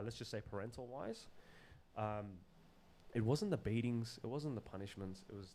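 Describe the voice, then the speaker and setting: Animated man telling stories, slangy. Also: medium pitch, slight background noise. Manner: animated, loose with slang and swearing, laughs often. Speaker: podcast guest. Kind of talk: casual storytelling in an interview.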